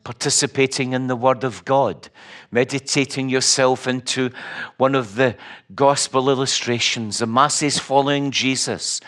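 A man's voice: mid-range voice, fairly even intonation, unhurried, a bit bright. A middle-aged Scottish man preaching a sermon, telling stories with wry humor and emphatic repetition. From Scotland.

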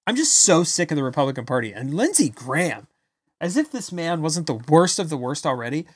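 A man giving an angry, blunt political rant, loud and insulting as he talks. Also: fairly high pitch, big pitch swings, a little fast, no echo. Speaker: political commentator. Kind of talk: ranting political commentary.

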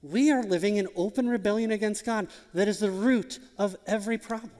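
High-voiced preaching man in a hall. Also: fairly quick, a little mellow. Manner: emphatic preaching with rhetorical questions. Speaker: pastor. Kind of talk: sermon.

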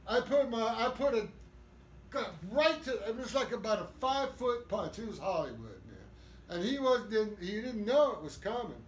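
An older man with a high-pitched voice tells rough, profane stories in an animated way. He sounds roomy and echoey, with faint ambient noise underneath him. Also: moderate pace. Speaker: guest. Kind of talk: storytelling interview.

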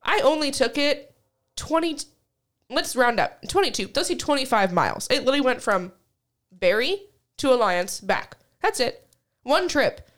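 A woman talks in a loose, venting chat, her voice sitting a little high. She is blunt and quick to curse, and she leans on fillers as she rants. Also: big pitch swings. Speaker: podcast co-host. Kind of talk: casual chat.

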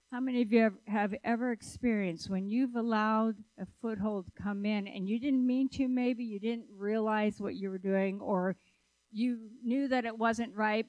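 A woman preaching a sermon, telling stories in a lively, conversational way and asking the audience questions. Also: mid-range voice, dry recording, rough recording. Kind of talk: sermon with storytelling.

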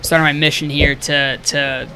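Young male guest, eager and upbeat, bright, slightly high voice, faint noise. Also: flat delivery, a little slow. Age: young adult. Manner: eager, upbeat, repeats words. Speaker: camp counselor, new teacher. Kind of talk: casual interview chat.

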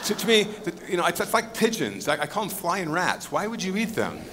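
A man with a somewhat high voice preaches an expository Bible sermon, swinging his pitch up and down as he explains. He talks casually with the congregation, throwing them questions and joking asides. His voice trails off into the long echo of a church hall. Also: very animated, a little fast, noisy background. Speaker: pastor. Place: church sanctuary with a live audience.

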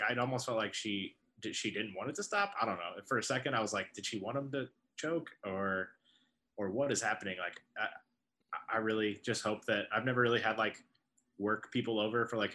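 A man's voice: on the low side, pushed and bright. A man co-hosting a podcast, talking in a hesitant, casual way. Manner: hesitant, trailing off. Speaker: podcast co-host. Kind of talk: casual chat.

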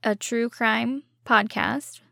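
A woman's voice: on the high side, fairly even intonation, takes it slowly, creaky, bright, forceful tone, no echo, clean studio sound. A woman co-hosting a podcast in casual, jokey chat. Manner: laid-back, jokey, says "like" often. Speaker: podcast co-host.

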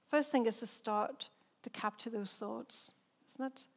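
Her voice is a bit high and gravelly, her pace measured: a woman senior pastor preaching a sermon full of personal stories. She's chatty and self-deprecating and often breaks into laughter.

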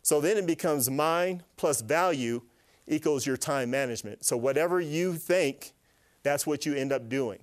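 A man giving an animated, faith-based teaching talk to a live group, asking them questions and acting out little voices. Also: on the high side, moderate pace. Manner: animated, asks the audience questions, acts out voices. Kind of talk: lively sermon-style teaching to a live group.

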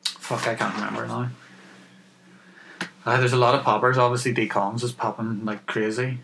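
A man co-hosting a podcast over a remote call, his voice gravelly with fry. He swears freely and laughs easily in loose banter. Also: mid-range voice, level tone, moderate pace, a bit bright, poor audio. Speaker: podcast co-host. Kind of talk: casual chat.

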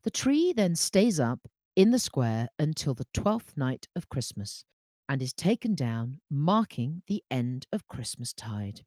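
A woman co-hosting a podcast, reading facts aloud with bright enthusiasm. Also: extremely low pitch, big pitch swings, measured pace, no room sound, clean studio sound. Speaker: podcast co-host. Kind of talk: casual chat reading facts.

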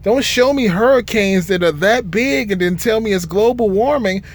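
A young truck driver from Michigan vlogs to camera in a high-pitched voice at normal speed. His casual rant is profane and frustrated, and he laughs often.

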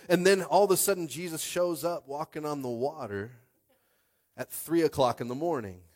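A male pastor giving a lively, conversational sermon, often calling out to the congregation and swinging between hushed and shouted lines. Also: fairly high pitch, normal speed.

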